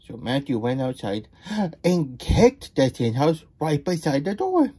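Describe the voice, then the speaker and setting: Husky man reading a kids' story. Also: fairly high pitch, very animated, measured pace, warm tone. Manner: chatty, talks about himself in the third person. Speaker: children's story reader. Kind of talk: reading a picture book aloud with asides.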